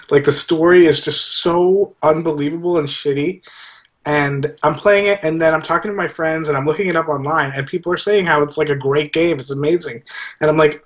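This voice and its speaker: Rambling young man, higher voice. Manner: rambling, halting, laughs while talking. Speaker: podcast co-host. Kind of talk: casual chat.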